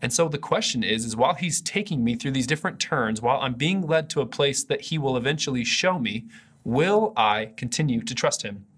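Man, pastor, video sermon, husky voice, middle pitch, earnest, conversational. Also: lively intonation, a little fast, a bit bright. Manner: conversational, earnest, restarts often. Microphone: camera mic for an online video.

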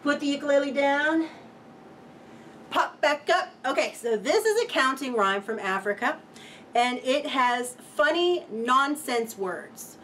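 A woman's voice: sits high, expressive, a little slow, a bit bright, slight background noise. A woman teaching a children's music lesson, playful and cheerful, chanting rhymes for young listeners.

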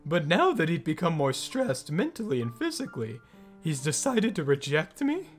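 A woman's voice: low-pitched, very animated, moderate pace, faint music behind. A woman reading aloud the lines of a teenage girl who angrily demands answers from her sister in a visual novel. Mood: bewildered.

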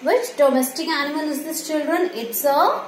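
A woman's voice: high-pitched, expressive, moderate pace. A woman teacher going over animals with young children, asking questions, answering them herself and imitating animal sounds. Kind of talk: slow classroom revision for young children. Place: school classroom. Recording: echoey room with faint ambient noise.

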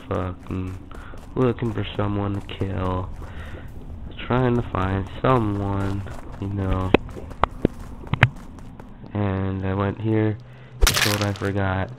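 A young man casually retelling his online game rounds in a profane, rambling way. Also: lowish voice. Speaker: gamer recounting matches. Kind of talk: casual storytelling over gameplay. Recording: dull lo-fi mic with loud noise.

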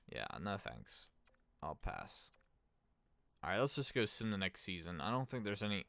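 Low, smooth-voiced male gaming streamer. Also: a bit bright, dry recording. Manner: thinks aloud, chats with viewers. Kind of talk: casual gameplay commentary.

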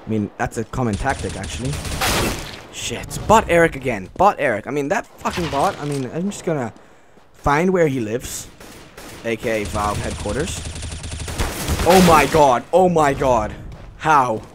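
A man talking through a shooter game as he plays it, excitable and quick to curse. His voice sits at an ordinary middle pitch. The recording is a desk mic, with loud game gunfire running under everything he says. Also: noisy background. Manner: excitable, swears a lot, reacts out loud. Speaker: gaming channel host. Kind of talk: live gameplay commentary. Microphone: desk mic on a stand.

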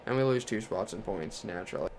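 A man's voice: lowish voice, animated, fast, gravelly, a little mellow, a little hiss or hum. A young man from Texas commentating his racing game career, talking his way through the race and ranting with profanity. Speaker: gaming channel host.

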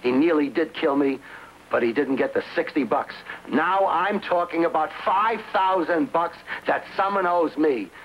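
A man's voice: on the high side, unhurried, natural voice. An actor playing a stubborn cabbie who bluntly demands his money, in a 1960s TV drama on a dull old soundtrack with hiss. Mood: threatening. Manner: blunt, emphatic, threatening.

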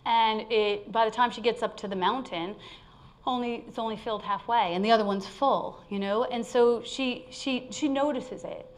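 A woman's voice: fairly high pitch, normal speed. A woman giving an informal spiritual sermon, conversational and laughing often as she tells a story. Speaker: spiritual speaker.

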